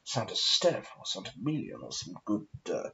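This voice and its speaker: A man with a posh English accent rambles through a vlog monologue, dropping profanities and self-mocking asides as he smokes. His voice sits low but leaps around with lively, animated swings. The recording sounds dull and lo-fi. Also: moderate pace, vocal fry. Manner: smoking while talking. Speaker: vlogger.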